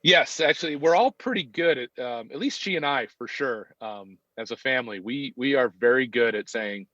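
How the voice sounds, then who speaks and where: Here a fifty-something podcast guest, mid-range and fairly bright in tone, speaks at normal speed during a casual conversational interview. His delivery is reflective and halting, full of ums and restarts, and the recording is dull and dry.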